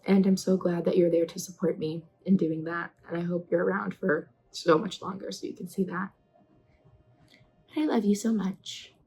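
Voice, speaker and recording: Young woman in her twenties, breathy, earnest vlog chatter to camera. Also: fairly low pitch, normal speed, rough recording. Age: 20s. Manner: chatty, earnest, rising into excited questions. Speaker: vlogger. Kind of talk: casual talking-to-camera vlog.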